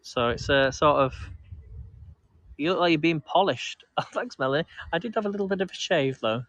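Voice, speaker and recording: A man talks casually to his live-stream viewers while walking outdoors in a town park. His voice is bright and forward, and the close phone mic keeps it dry. He rambles, restarts and laughs often. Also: a little high, lively intonation, brisk, dry recording, muffled recording. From England. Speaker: vlog host.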